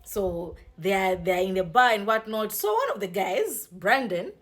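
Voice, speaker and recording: A woman's voice: mid-range voice, animated, a little slow. A woman giving a casual book review, retelling the story in a chatty, dramatic way with mixed-language asides.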